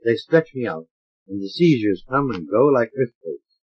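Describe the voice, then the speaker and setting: Husky male audiobook narrator, lively. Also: mid-range voice, moderate pace. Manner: dramatic, varied character voicing. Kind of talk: expressive audiobook reading. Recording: dull lo-fi transfer of an old record.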